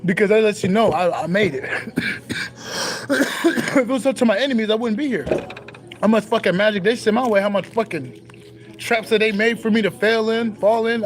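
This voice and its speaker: A man's voice: sits high, slight background noise. A young man talking casually and profanely about his spiritual path, repeating phrases for emphasis. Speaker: spiritual content creator.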